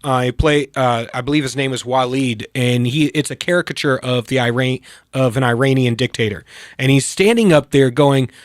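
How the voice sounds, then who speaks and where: A man's voice: medium pitch, normal speed, dry recording, studio quality. A man hosting a political interview, talking casually and with animation, sometimes slipping into mimicked voices. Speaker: show host.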